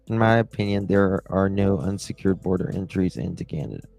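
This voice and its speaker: A man's voice: deep voice, creaky, a little mellow. A man hosting a livestream, chatting casually with viewers and laughing at their comments. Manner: giggly, jokey banter. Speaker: livestream host.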